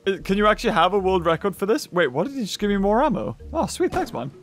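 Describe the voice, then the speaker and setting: A man giving excitable gameplay commentary, laughing often and yelping at jump scares. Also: high voice, fast, faint music behind. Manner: excitable, laughs a lot, yelps and shouts at scares. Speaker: gaming YouTuber.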